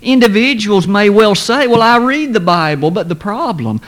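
Formal, measured male preacher. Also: high-pitched, expressive, a bit bright. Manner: measured, formal, stresses quoted scripture slowly. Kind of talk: sermon lesson.

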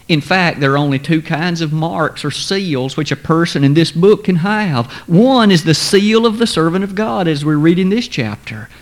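Preacher, male, slightly high voice, measured and emphatic sermon delivery.

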